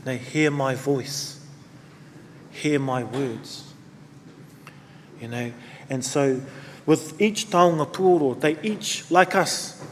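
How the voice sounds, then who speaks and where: A man's voice: fairly high pitch, a little hiss or hum. Man with a New Zealand accent, echoey hall. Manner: relaxed, rambling, many fillers. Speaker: conference speaker. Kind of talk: speech to an audience. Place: conference hall.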